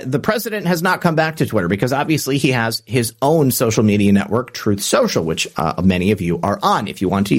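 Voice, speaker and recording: Guy doing political commentary, mid pitch voice, sarcastic, lots of uhs as he reads out news and quotes. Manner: sarcastic, reads quotes aloud with frequent fillers. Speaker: political commentary podcast host.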